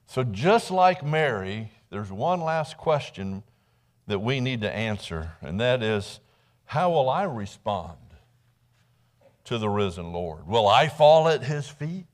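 A man's voice: mid-range voice, lively intonation, measured pace. A Midwestern American man preaching a sermon in a church, telling the story conversationally and often restarting his words. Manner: conversational storytelling, dramatic acted quotes; repeats words when restarting. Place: church sanctuary.

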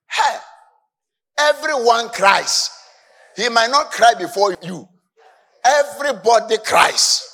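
Man, preacher, sermon, emphatic, swooping lively intonation. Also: sits high. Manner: emphatic, swings between soft asides and shouted exclamations.

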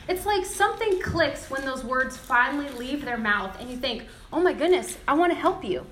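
Woman preacher, high voice, echoey hall sound, storytelling sermon delivery. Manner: storytelling with lively retold dialogue. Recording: echoey room.

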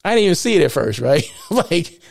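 A man's voice: on the high side, big pitch swings, quick pace, gravelly, no room sound, studio quality. A man from the United States hosting a live show and podcast. He talks casually and chattily, keeps asking "right?" and chuckles at his own jokes. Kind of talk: casual live-stream talk.

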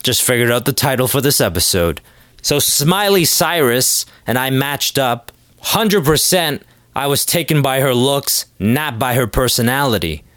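A man hosting a podcast, delivering a crude, joking solo monologue with sudden loud exclamations. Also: mid-range voice, animated, measured pace, dry recording, studio quality. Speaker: podcast host. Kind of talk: casual comedic monologue.

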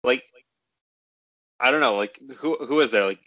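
A man's voice: medium pitch, moderate pace, no echo, dull audio. A young man co-hosting a casual sports podcast, arguing his point hesitantly with many restarts. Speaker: podcast co-host.

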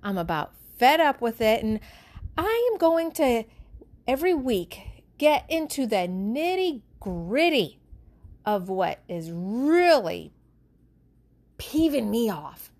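A woman's voice: a little high, sing-song, takes it slowly, a little mellow, no echo. A mother and wife speaking frankly to her listeners in a candid monologue, blunt and swearing freely. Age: adult with children. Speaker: mother and wife hosting a show.

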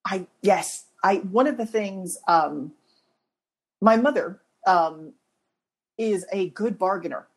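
A woman co-hosts a podcast in a relaxed, conversational way. Her voice has a slightly husky edge. She tells stories with animation and a self-deprecating humor. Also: medium pitch, slow pace. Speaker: podcast co-host. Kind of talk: casual conversational storytelling.

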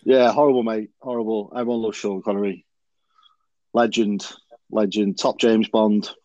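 A man's voice: lowish voice, level tone, fairly quick, warm tone, dry recording, rough recording. A man hosting a casual rugby chat podcast, rambling and full of fillers and restarts. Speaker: podcast host.

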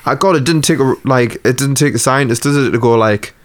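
Animated young man telling stories. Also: mid-range voice, a little fast. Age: 20s. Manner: animated storyteller, swears. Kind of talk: casual chat.

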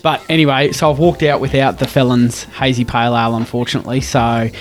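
A man's voice: medium pitch, flat delivery, fast talker, soft background music. A man with an Australian accent, a podcast co-host telling a long story in casual chat with mates, swearing freely.

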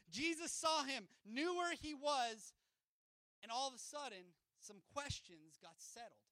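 Man, young preacher, very high voice, dry close sound, impassioned, casual asides. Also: expressive, a little slow, no echo. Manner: impassioned, building to shouts; casual asides between scripture reading. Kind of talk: sermon.

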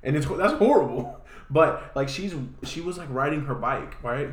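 A man with a slightly higher voice rambles through casual podcast stories, laughing now and then. The room around him rings with a noticeable echo. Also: lively intonation, moderate pace, a little hiss or hum. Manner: rambling storyteller, laughs often. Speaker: podcast co-host. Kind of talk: casual chat.

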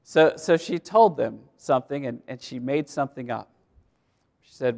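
A man's voice: fairly high pitch, lively intonation, measured pace, creaky. A male pastor preaching a sermon in a conversational way, repeating words and laughing as he goes.

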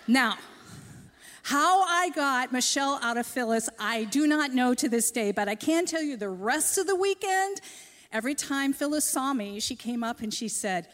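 A woman's voice: on the high side, animated, moderate pace, a bit bright, big-room sound. A woman speaker at a church, giving a sermon that weaves in a personal story with self-deprecating humor.

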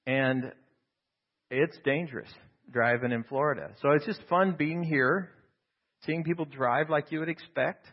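A man's voice: a little high, unhurried. Rambling middle-aged man telling stories. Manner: rambling, self-deprecating humor, acts out dialogue. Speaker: professor. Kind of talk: casual storytelling to a group. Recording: slightly dull lo-fi sound.

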